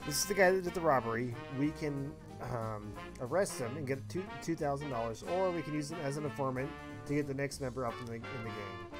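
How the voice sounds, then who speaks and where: A man commenting on a game during a live stream, crude and profane, laughing between his jokes. His voice sits in an ordinary middle range. Loud game music plays clearly behind him. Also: medium pitch, brisk, few pauses, low-quality recording.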